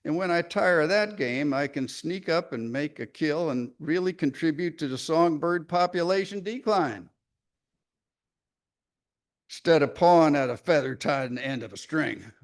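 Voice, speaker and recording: A man's voice: on the high side, animated, normal speed. A man doing a boastful drawling barn cat. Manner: folksy country dialect, drawling. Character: proud scrappy rural barn cat, boastful. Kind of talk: dramatic poetry reading.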